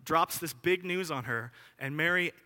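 Young male preacher, fairly high and forceful voice, talky and animated, casual sermon delivery, long hall reverb. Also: moderate pace. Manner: animated, chatty, lots of asides and filler words.

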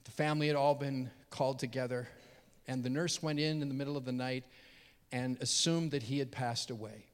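A man's voice: steady tone, a little fast, clear, resonant tone. Earnest male preacher in a reverberant hall. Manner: earnest, swings from hushed to loud and high when moved. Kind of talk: sermon storytelling.

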